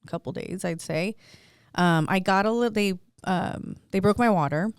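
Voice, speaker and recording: A woman's voice: medium pitch, normal speed, smooth, no echo, clean studio sound. A young woman hosting a podcast, telling a personal story in a candid, chatty way. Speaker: podcast host. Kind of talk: casual chat.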